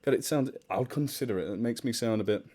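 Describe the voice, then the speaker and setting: A man's voice: medium pitch, quick pace, mellow. A British man with a mixed British-American accent, hosting a casual charity livestream from home. He chats, laughs often, pokes fun at himself and reads viewer comments aloud. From United Kingdom. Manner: chatty and self-deprecating, laughs often, reads chat aloud. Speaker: charity livestream host and story narrator. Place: home room with fish tank near the mic. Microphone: desktop microphone.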